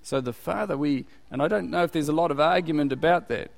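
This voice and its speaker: A man's voice: fairly high pitch, vocal fry. A man preaching a sermon, asking his listeners questions and rising in volume when he quotes scripture. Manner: unhurried, rising loud on scripture quotes, asks the audience questions. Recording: long hall reverb.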